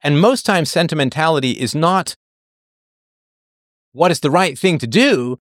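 A man's voice: a little high, animated, a little slow, fairly bright tone, dry recording, studio quality. A man hosting a show, reading and answering viewer comments in a digressive, sardonic way and laughing often. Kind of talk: casual livestream monologue.

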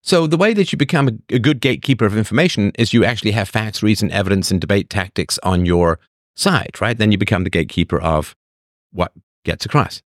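Speaking a little fast, this man hosts a live stream, reacting to chat with strong opinions and restating his points as rhetorical questions. He sounds animated, his pitch swinging lively up and down, on a dry, clean studio recording.

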